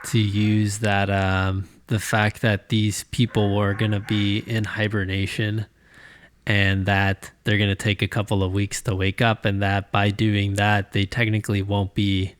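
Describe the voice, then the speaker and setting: A man co-hosting a casual podcast, laid-back and quick to laugh while recapping an episode. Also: fairly low pitch, little pitch movement, a little hiss or hum. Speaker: podcast co-host.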